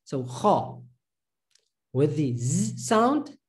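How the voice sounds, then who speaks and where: A very animated, somewhat high-pitched male voice leads a recorded pronunciation lesson on reading. He patiently drills syllables, going over each sound several times in slow repetitions.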